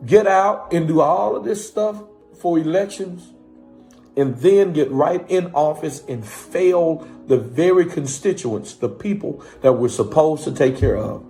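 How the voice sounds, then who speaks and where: Fervent high-voiced pastor preaching to viewers. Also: male voice, lively intonation, slow pace, mellow, soft background music. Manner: preaching cadence, repeatedly calling on listeners. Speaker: pastor and live-stream host. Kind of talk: impassioned live-stream talk to viewers.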